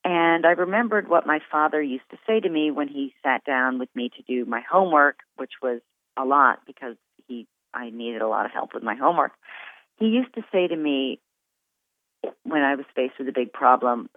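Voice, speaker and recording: A woman's voice: rumbling low, normal speed, dry recording. Woman author on a tinny phone line. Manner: frank and animated, with filler words and restarts. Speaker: author guest. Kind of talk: candid conversational storytelling, then reading her own fiction aloud.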